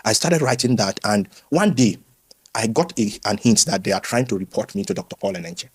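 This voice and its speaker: A man, a former pastor, telling his story candidly in an interview with lively quoted voices. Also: fairly low pitch, brisk, slightly rough. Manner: animated storytelling, acts out quoted voices, frequent restarts.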